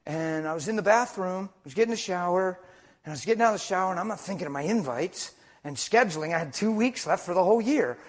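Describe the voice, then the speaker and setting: A middle-aged man preaching a sermon, telling stories with hushed asides and loud bursts of emphasis. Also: sits high, fast. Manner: storytelling, animated, swings between hushed asides and loud emphasis. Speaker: traveling preacher.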